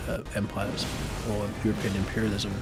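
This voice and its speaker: A man's voice: fairly low pitch, completely flat delivery, brisk, music in the background. An English man with a working-class accent, chatting casually while gaming and often asking "right?". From England. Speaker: streamer.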